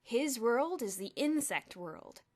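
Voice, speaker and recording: A woman's voice: on the high side, expressive, slow, voice pushed up. A woman voicing a mischievous schoolboy who speaks with mock solemnity, intoning his lines.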